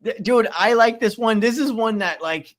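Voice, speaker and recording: Male guest, slightly high voice, relaxed casual reviewer. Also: moderate pace. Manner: easygoing, laughs along. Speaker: podcast guest.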